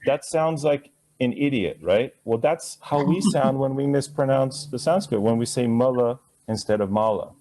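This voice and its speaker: A man teaching Sanskrit pronunciation to a live class, talking conversationally, stretching words out slowly to model them, with playful chuckling asides. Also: mid-range voice, warm tone.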